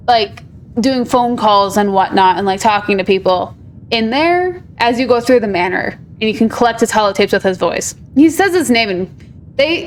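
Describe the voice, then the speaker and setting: A woman's voice: on the high side, a little hiss or hum. A woman hosting a gaming video, chatting casually and upbeat over gameplay. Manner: chatty, upbeat, lots of fillers like "like".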